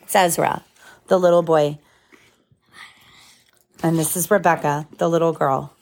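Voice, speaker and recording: A woman's voice: sits low, fairly even intonation, unhurried, a little mellow, a little hiss or hum. A woman in her thirties reading a picture book aloud to her children at home, stopping to explain the story in plain words.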